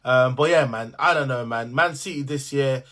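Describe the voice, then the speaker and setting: A man's voice: mid-range voice, moderate pace, a bit bright. A man giving a casual football reaction, slangy and full of fillers. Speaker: football fan commentator.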